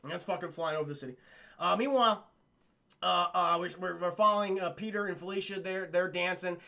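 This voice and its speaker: A man's voice: high voice, brisk, gravelly, pushed and bright. A young man streaming a rambling, profane episode recap, talking straight to his chat. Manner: rambling, swears constantly, keeps addressing chat. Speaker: streamer reviewing a cartoon.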